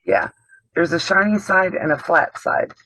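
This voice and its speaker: A man's voice: high-pitched, measured pace, bright, forceful tone, no echo. A man hosting a casual sewing demonstration over a video call, chatty and explanatory, often trailing off mid-sentence. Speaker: host of a sewing channel. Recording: dull dry video call audio.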